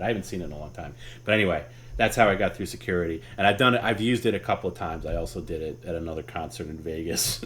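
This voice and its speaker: A man's voice: low-pitched, slight background noise. A man hosting a live stream, telling a story casually, rambling and swearing as he goes. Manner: rambling, with many restarts and laughs. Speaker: host.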